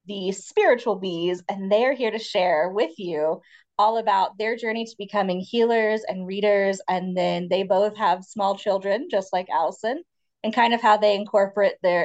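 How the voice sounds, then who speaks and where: A woman's voice: mid-range voice, darkish tone. A woman podcast host opening the show and introducing her guests in an upbeat, casual way. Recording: muffled lo-fi podcast audio.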